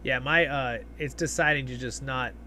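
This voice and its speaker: Chatty bright-voiced male streamer. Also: medium pitch, steady tone, moderate pace, a little hiss or hum. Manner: chatty, reads viewer comments aloud; rambling with many fillers and restarts. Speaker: livestream host. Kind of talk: casual live-stream chat.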